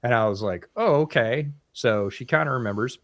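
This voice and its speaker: A man co-hosting a live sports podcast, telling an animated story in a casual chat and acting out the quotes. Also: on the low side, fast talker, no room sound, clean studio sound. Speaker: podcast co-host.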